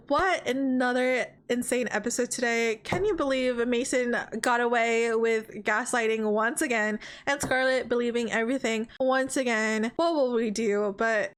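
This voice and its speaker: A young woman giving dramatic, animated commentary while playing a life sim game. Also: fairly high pitch, moderate pace, hardly any pauses. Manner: dramatic, animated, exclaims often. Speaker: streamer. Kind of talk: let's play commentary.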